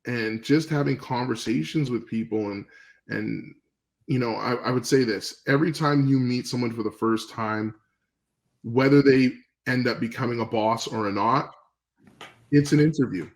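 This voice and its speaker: A man from Canada, a podcast guest, telling stories in a relaxed, rambling way with fillers, acting out old phone calls. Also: medium pitch, moderate pace, poor audio. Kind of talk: casual storytelling interview.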